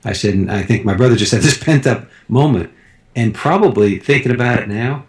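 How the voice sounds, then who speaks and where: Fast-talking man telling a story. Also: medium pitch, lively intonation. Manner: rambling anecdotes with many restarts. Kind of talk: casual storytelling chat.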